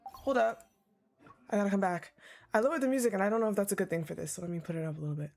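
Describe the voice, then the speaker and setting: A woman streaming a game playthrough, chatting excitedly and reading the game text aloud. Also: mid-range voice, rapid-fire, creaky, soft background music. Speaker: gaming streamer. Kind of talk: live game playthrough commentary.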